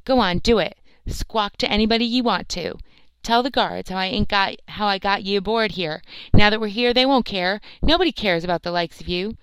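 A woman's voice: medium pitch, fairly quick, fairly bright tone, smooth, no echo, close to an everyday voice, poor audio. A woman narrator voicing a coarse, scornful male bounty-hunter soldier who talks in street slang.

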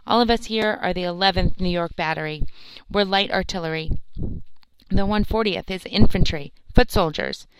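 A woman's voice: lowish voice, normal speed, smooth, natural voice, low-quality recording. A woman voicing a grumbling artillery soldier in a storybook.

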